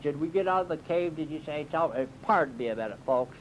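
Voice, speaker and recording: A man's voice: on the high side, animated, quick pace, slight background noise. A man doing a comic monologue as a cave tour guide, rambling in a folksy drawl with bouts of mock alarm. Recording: dull lo-fi recording.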